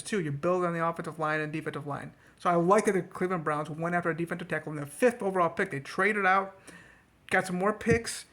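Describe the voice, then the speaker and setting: A man giving a casual, rambling sports rant to camera as a vlogger. He talks sarcastically and jumps into a high mocking voice. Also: pushed and bright.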